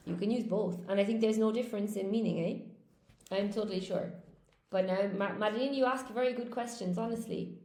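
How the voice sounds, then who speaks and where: A woman's voice: medium pitch, brisk, darkish tone, roomy sound, slight background noise. An Irish woman and English teacher running a live-stream lesson, chatting with viewers, thinking aloud and reading out their comments. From Ireland.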